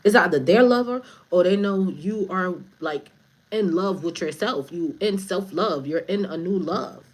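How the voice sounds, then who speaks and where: Woman, slightly low voice, spiritual advisor type, casual livestream tarot reader, blunt and preachy. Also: unhurried. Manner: blunt, profane, emphatic; preachy, repeats phrases for stress.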